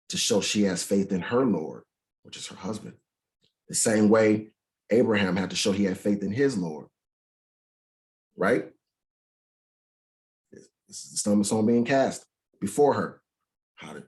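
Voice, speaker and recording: A man with a fairly low voice teaches scripture in a loose, conversational way. He keeps asking his listeners "right?", reads passages aloud slowly, and restarts sentences while he hunts for the right word. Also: a little mellow. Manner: searches for words, restarts sentences. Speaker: Bible study teacher. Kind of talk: informal Bible study teaching.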